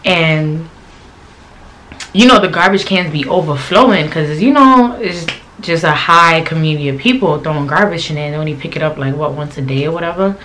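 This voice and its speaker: Animated New woman telling a story. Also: sits low, normal speed, a little hiss or hum. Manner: animated, slangy, blunt and profane. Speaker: channel host. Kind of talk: storytime vlog.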